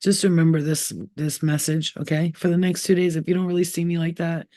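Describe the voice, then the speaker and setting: A spiritual healer hosting her own channel gives a casual, blunt pep talk packed with swearing, acting out quoted voices along the way. She talks a little fast and animatedly, often jumping higher in pitch, in a dry, clean studio recording.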